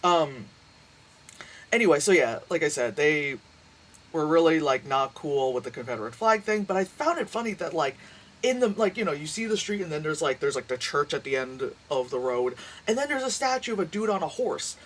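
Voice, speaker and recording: Brief: foul-mouthed vlog reviewer, mid pitch, very animated swings, rambles and restarts constantly. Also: a little fast, recorded from a distance. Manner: profane, rambling, lots of fillers and restarts. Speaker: movie reviewer. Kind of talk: casual rambling movie review rant.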